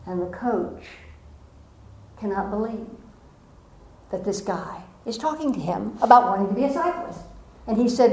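A woman's voice: on the high side, normal speed, gravelly, long pauses. Echoey, storytelling woman speaker. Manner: storytelling, animated, playful asides. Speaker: motivational speaker. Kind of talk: inspirational talk to a live audience. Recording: echoey room.

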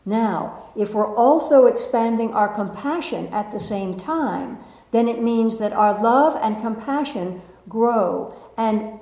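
Gently laughing woman teacher, echoey room. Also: medium pitch. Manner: gentle and reflective, laughs often at herself; checks in with the audience by asking questions. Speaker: spiritual teacher. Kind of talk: spiritual talk to a live audience. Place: room with a live audience.

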